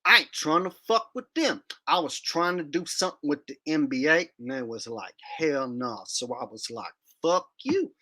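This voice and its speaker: A man's voice: a little high, expressive, normal speed, few pauses, bright, forceful tone. A man doing an impression of a brash, foul-mouthed male rapper, talking in clipped slang with a swagger. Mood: defiant.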